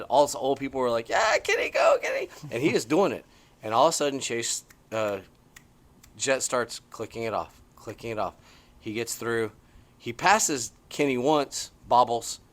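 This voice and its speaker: Middle-aged man, podcast co-host, casual chat, excitable storytelling, average pitch, porch recording. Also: normal speed. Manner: animated, excitable storytelling with big swings in pitch. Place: porch, outdoors.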